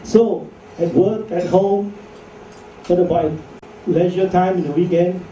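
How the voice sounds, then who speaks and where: A man's voice: high voice, fairly even intonation, unhurried, mellow, highs cut off. A man giving a chatty medical lecture to doctors, joking and asking rhetorical questions. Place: lecture hall. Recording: echoey hall from far off, faint noise.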